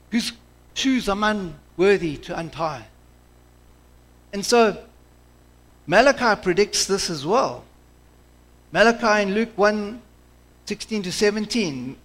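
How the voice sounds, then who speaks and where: High-voiced man preaching with fervor. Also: a bit bright. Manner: passionate, conversational preaching with restarts. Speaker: pastor. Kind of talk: sermon.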